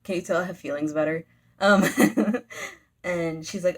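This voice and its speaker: A woman's voice: fairly low pitch, moderate pace. A young woman casually recapping a manga volume for her channel, rambling with lots of "like" and briefly acting out the characters' lines. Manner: rambling and chatty, full of "like" fillers; briefly dramatizes character lines mid-story. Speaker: YouTuber reviewing manga.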